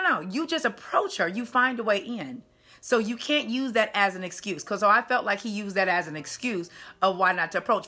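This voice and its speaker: A woman's voice: medium pitch, pushed and bright. A woman dating coach giving casual video commentary in an emphatic, chatty way with punchy asides.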